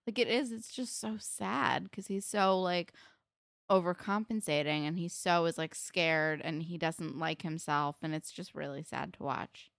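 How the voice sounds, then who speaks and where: Young woman, low voice, casual recap chat, dry close sound. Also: unhurried, vocal fry, fairly bright tone, dry recording. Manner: chatty, filler-heavy, acts out quotes. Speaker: podcast co-host.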